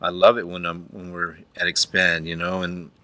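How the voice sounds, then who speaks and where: Deep-voiced bright male podcast host. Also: monotone, moderate pace. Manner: earnest, rambling with restarts. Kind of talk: casual chat.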